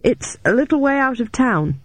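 A woman's voice: mid-range voice, animated, fairly quick, darkish tone, no room sound, lightly acted. A man voicing a tough young female detective who answers danger with sardonic quips, in a dry recording. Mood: tense. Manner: sardonic quips under pressure.

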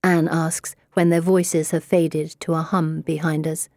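Woman audiobook narrator, warm mellow tone, steady expressive first-person reading, dry close recording. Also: low-pitched, dry recording. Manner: measured, expressive storytelling.

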